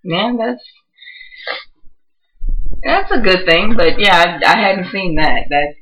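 A woman's voice: lowish voice, lively intonation, slow pace, a bit bright, poor audio. A woman who is a nervous first-time podcast guest, chatting casually, hesitant and often giggling.

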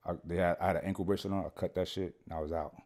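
Deep-voiced man telling a story casually. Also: steady tone, rapid-fire, crowd noise. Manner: slangy and profane, keeps saying "you know what I'm saying". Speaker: podcast guest.

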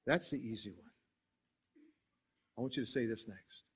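A male pastor preaching a sermon to his church. He swings between loud, emphatic passages and low, hushed prayer, and leads the congregation in saying prayers aloud. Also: normal speed, husky.

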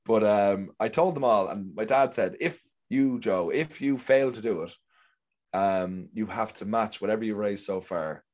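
A man's voice: on the low side, a little slow, a little mellow. A young Irish man telling stories in casual conversation, rambling and acting out what people said. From Ireland. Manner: chatty, rambling storyteller who acts out quotes. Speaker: guest actor. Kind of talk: casual chat.

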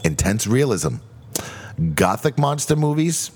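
A man's voice: mid-range voice, sing-song, unhurried, a little mellow, a little hiss or hum. A man co-hosting a podcast, reading out quiz questions in casual, profane banter with friends. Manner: reads quiz questions, swears freely. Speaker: podcast co-host running a quiz.

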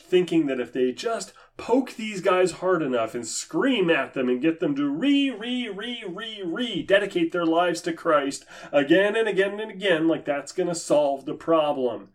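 A man's voice: a little high, animated, unhurried, few pauses. A man giving impassioned religious commentary, sarcastic and emphatic in a preachy manner. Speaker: Christian commentator.

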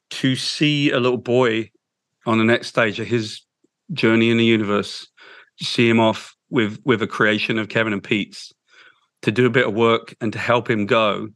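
A man's voice: mid-range voice, no echo. Heartfelt man telling a story. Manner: halting, with restarts, soft and heartfelt. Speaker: interview guest. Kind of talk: emotional storytelling in an interview.

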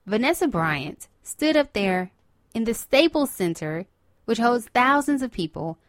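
A woman's voice: fairly high pitch, very animated, a little slow, no echo. Woman, podcast host, solo casual chat, earnest, emotional, repeats herself for emphasis, dry close recording.

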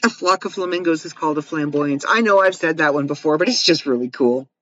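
A woman's voice: low voice, fast talker, fairly bright tone. A woman hosting a casual show, reading fun facts aloud, giggling and cracking jokes about each one. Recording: dull lo-fi sound.

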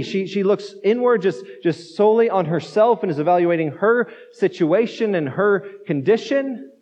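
High-voiced man preaching in a reverberant hall. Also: animated, moderate pace, darkish tone. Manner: conversational, repeats words, acts out quotes. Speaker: pastor. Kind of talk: sermon. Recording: dull muffled sound in a reverberant hall.

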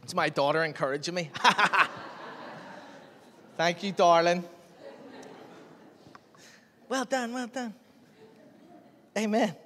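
A man, preaching a sermon as an animated storyteller who acts out the dialogue. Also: high-pitched, slow, long pauses. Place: church hall. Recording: long hall reverb.

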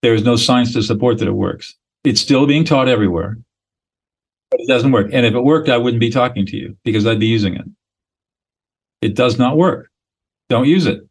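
Husky-voiced man explaining emphatically. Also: medium pitch, moderate pace, long pauses, rough recording. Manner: emphatic, blunt, lecturing with declarative statements. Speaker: guest expert on listening. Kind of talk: explanatory podcast interview.

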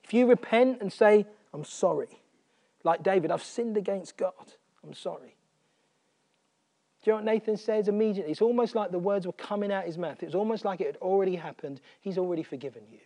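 Man preaching, kinda high voice, earnest, repeats stuff, goes real quiet sometimes. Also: fairly quick. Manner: earnest, drops to near-whisper on quiet points; repeats phrases for emphasis. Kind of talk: sermon.

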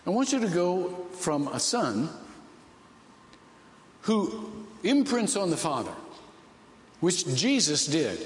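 A man's voice: fairly high pitch, reverberant, long reverb tail. A man from Ohio preaching a sermon, telling a story with many restarts and rising emotional swells. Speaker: pastor.

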